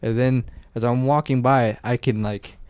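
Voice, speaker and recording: A young man spins a long, rambling story in a casual podcast chat, tossing in filler words and curses. His voice sits at an ordinary pitch, and the recording is dry and close. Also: normal speed, no echo. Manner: animated, swears often, lots of "like" fillers. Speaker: podcast co-host.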